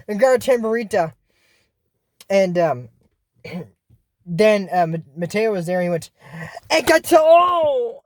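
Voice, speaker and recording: A vlogger casually recapping a cartoon episode in a chatty, excitable way, full of fillers and restarts. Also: mid-range voice, no room sound, studio quality. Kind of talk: casual rambling recap commentary.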